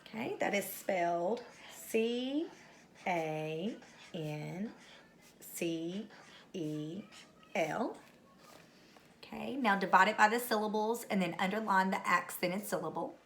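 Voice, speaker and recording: A woman's voice: medium pitch, slow pace, gravelly, pauses often, fairly bright tone, slight background noise. A middle-aged woman teacher recording a spelling lesson at home, patiently calling out words and spelling them letter by letter.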